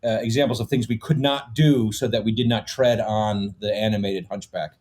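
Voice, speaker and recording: A man and comedy filmmaker explaining backstory in a relaxed podcast chat, with many fillers. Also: lowish voice, normal speed. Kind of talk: casual podcast conversation.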